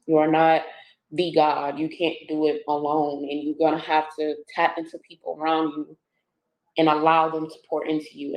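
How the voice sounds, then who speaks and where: A woman poet answering interview questions, emotional and speaking softly and haltingly, with many pauses. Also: sits low, echoey room, rough recording. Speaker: poet and activist guest.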